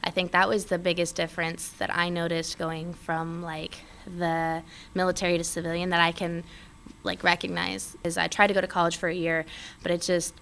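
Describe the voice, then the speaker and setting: A young woman in casual interview chat, talking fast and loose with many fillers. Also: on the low side, a little hiss or hum. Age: young adult. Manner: chatty, many fillers, animated when quoting others. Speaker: guest, airman.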